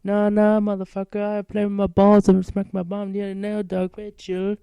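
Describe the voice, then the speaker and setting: A man's voice: high-pitched, monotone, normal speed, creaky, smooth, dry recording, muffled recording, pitched above the performer's own voice. A man imitating a brash teenage boy who acts like a wannabe rapper, talking slangy trash talk. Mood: swaggering.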